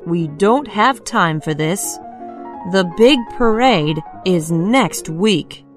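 A woman's voice: fairly low pitch, animated, takes it slowly. A woman voicing a stern male band teacher in a storybook reading, firm and scolding. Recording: faint piano music behind.

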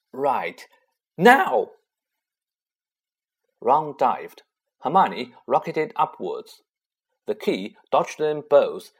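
A man narrating a children's story in an expressive, unhurried way. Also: mid-range voice, husky. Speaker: audiobook narrator.

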